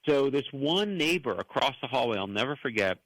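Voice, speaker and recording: A man's voice: medium pitch, fairly quick, dry recording, poor audio. A man in his fifties, from the United States, telling stories as an author guest and acting out the voices he quotes. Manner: animated storyteller who acts out quoted voices. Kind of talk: storytelling interview answers.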